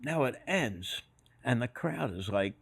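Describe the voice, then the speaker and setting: A man's voice: medium pitch, expressive, measured pace, creaky, breathy edge. An older man on a podcast as a guest, telling anecdotes and acting out other people's voices in quotes. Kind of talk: storytelling anecdotes.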